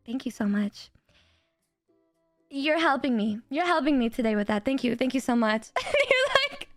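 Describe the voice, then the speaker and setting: Bright, very high-voiced young woman streamer. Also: dry recording. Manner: animated, swearing, laughing through the story. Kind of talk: casual storytelling to a live chat.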